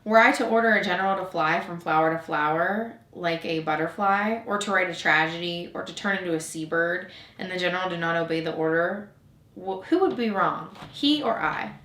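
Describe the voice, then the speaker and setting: A woman's voice: lowish voice, fairly quick, fairly bright tone, close to an everyday voice. A woman voicing a pompous old king in a storybook reading, issuing grand, majestic commands. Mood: commanding. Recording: roomy echo.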